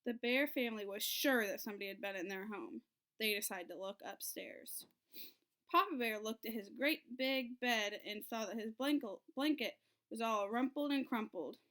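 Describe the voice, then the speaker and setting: A woman teacher reading a storybook aloud to children, in an expressive storytelling way. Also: on the high side, moderate pace. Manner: expressive, sing-song storytelling.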